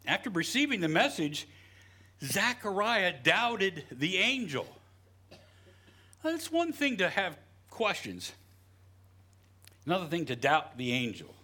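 A middle-aged pastor from West Virginia, preaching a sermon in a folksy, joking storytelling way with frequent "you know". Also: male voice, sits high, big pitch swings, measured pace, long pauses, pushed and bright.

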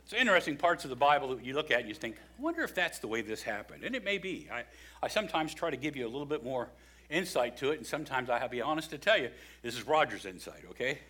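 Animated, bright-voiced male preacher. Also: mid-range voice, fast talker. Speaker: pastor. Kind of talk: sermon.

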